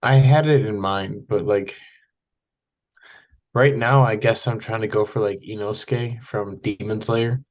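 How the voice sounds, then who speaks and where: A young man co-hosting a podcast in relaxed casual chat, repeating running jokes. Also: lowish voice, measured pace, muffled recording. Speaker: podcast co-host.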